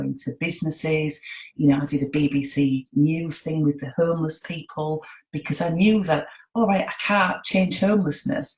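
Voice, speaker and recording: A middle-aged woman from England speaks in a relaxed British accent, her voice sitting low. She chats openly and down to earth as a guest, sprinkling in "you know". The room around her has a noticeable echo. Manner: chatty, down-to-earth, many "you know" fillers. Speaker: hypnotherapist guest. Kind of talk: interview conversation.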